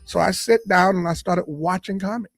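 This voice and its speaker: A man from Boston, a comedian and radio guest, telling lively stories in a casual interview. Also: high-pitched, moderate pace, vocal fry. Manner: animated storyteller, lively and full of punchlines.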